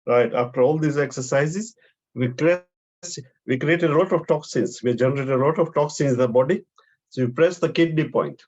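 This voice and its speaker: A man teaching a therapy class, giving calm step-by-step instructions for breathing exercises and pressure points. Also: on the high side, moderate pace, muffled recording. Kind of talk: guided breathing and acupressure class.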